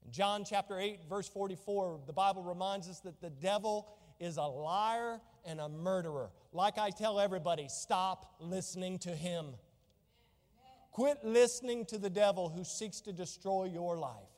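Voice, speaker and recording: In a large church hall, a male pastor preaches fervently, swinging between soft and loud passages and reading scripture in archaic wording. His voice is high-pitched and his speed normal.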